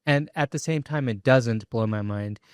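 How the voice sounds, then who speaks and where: A man hosting a podcast interview, speaking in a thoughtful, measured way with frequent pauses. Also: mid-range voice, clear, resonant tone, dry recording, clean studio sound. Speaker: podcast host. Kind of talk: interview conversation.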